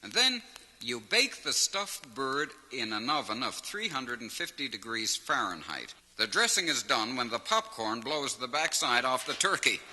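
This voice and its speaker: Captured on a vinyl transfer with faint hiss and a long hall reverb, this live stand-up record features a man at a medium pitch and normal speed, spinning funny stories with energy and chuckling at his own punchlines.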